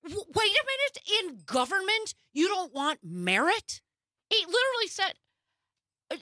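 A woman's voice: very high voice, big pitch swings, a little slow, pushed and bright, no room sound, studio quality. A woman panelist on a political talk show, heated and emphatic.

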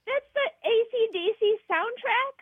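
A woman comedian chatting on a radio show, animated and rambling, laughing as she talks. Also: extremely high pitch, unhurried, dry recording, phone-quality sound. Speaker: comedian guest. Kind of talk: casual radio chat.

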